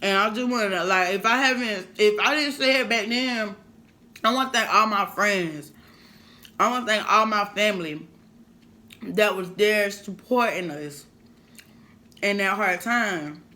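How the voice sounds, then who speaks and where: A woman vlogger telling a painful personal story to camera in a halting, emotional way, holding back tears. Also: medium pitch, pushed and bright. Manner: emotional, halting, repeats herself.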